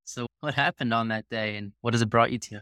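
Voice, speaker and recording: Brisk, bright-voiced male podcast host. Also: medium pitch, steady tone, clear, resonant tone, no echo, studio quality. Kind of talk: interview hosting.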